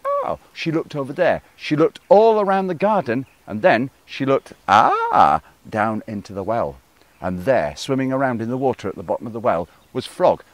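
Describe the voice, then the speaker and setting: A man telling a folk tale to a live audience in a playful, expressive way, chatting with his listeners as he goes. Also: mid-range voice, moderate pace. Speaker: storyteller.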